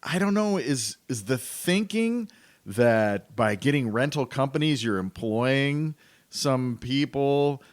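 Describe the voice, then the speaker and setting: A man hosting a podcast, ranting in a casual, animated and incredulous way, his pitch jumping up as he gets worked up. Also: takes it slowly, dry recording. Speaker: podcast host.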